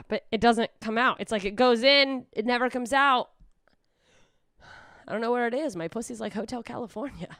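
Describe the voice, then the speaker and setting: A young woman rambles through a self-deprecating stand-up set, speaking straight to a camera with no audience. Her delivery is deadpan, broken by sudden high squeals when she quotes people. The voice is smooth and clear, recorded close and dry. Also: normal speed, long pauses, no room sound. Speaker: stand-up comedian. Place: club stage streamed with no live audience.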